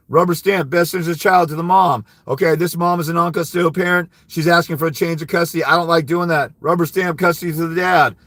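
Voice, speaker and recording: A man's voice: sits high, fairly bright tone, dry recording, studio quality. A man hosting a live advice stream, speaking bluntly and emphatically, urging listeners to confront the court. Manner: mimics timid speakers with mumbling "wah wah". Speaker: host giving legal advice.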